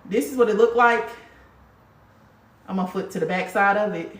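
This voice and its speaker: A woman's voice: medium pitch, moderate pace, distant mic. Brief: a woman vlogging in a blunt, profane, emphatic voice, in an echoey room slightly off-mic. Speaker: spiritual vlogger. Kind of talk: casual monologue to viewers.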